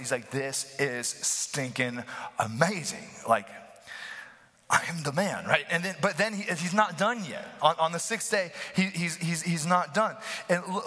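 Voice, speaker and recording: A man preaching a lively sermon, playful and animated, who often asks the congregation questions. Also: a little high, husky. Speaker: pastor. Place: church hall. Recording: live in a reverberant hall.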